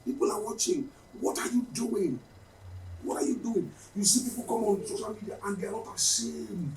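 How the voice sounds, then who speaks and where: Podcast guest: man, high lively voice, roomy distant sound. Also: normal speed, noisy background. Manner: animated storyteller, acts out dialogue. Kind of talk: casual podcast chat. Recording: roomy, slightly distant, faint ambience.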